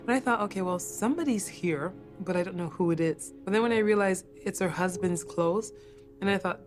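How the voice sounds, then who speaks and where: A woman's voice: lowish voice, steady tone, fairly quick, music in the background. Earnest woman recounting a ghost encounter. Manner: earnest, repeats herself for emphasis. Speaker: caregiver.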